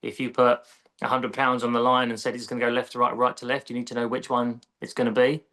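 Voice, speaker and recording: A man's voice: medium pitch, quick pace. A man with an English accent, a golf coach explaining his approach in a casual interview. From England. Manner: relaxed, explanatory, conversational.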